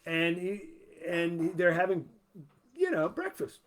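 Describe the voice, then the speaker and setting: A man hosting his own show, telling a long joke in a halting, rambling way with many restarts. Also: high voice, sing-song. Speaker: show host. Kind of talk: casual joke-telling chat.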